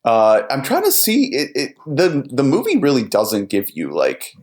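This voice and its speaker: A man's voice: medium pitch, huge pitch swings, a little slow. A man hosting a podcast, casual and playful with puns. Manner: playful, punny. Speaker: podcast host. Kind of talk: casual chat.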